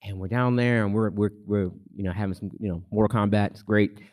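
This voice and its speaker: A man telling a comic personal story live on a theater stage, with a lively, suspense-building delivery. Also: fairly low pitch, fairly quick.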